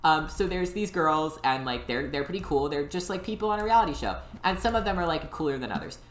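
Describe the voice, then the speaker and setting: A woman co-hosting a casual chat, telling animated stories with many "like" fillers. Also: deep voice, fast talker, roomy sound, a little hiss or hum.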